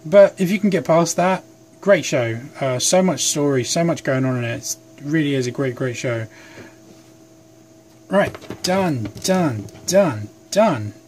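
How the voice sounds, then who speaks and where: A young man with a slightly higher voice talks in a loose, rambling, self-deprecating way as he works at a home bench. He sounds a little sleep deprived. A faint hum sits under the phone recording. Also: animated, unhurried, a little mellow. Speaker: hobby craft vlogger. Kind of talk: casual chat while working. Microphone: phone camera.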